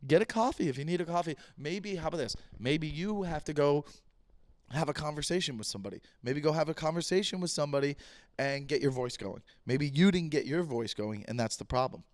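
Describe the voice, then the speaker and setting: A man hosting his own podcast in a loose, jokey monologue, repeating himself, his voice a bit rough this week. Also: fairly high pitch, animated, a little fast, no room sound, clean studio sound. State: voice a bit rough, clearing throat. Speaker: podcast host. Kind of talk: casual solo podcast monologue.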